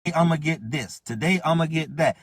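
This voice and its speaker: A man's voice: fairly high pitch, a little fast, slightly rough, dry recording. A man voicing a taunting male devil who plots attacks, in a dry close recording. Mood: scheming.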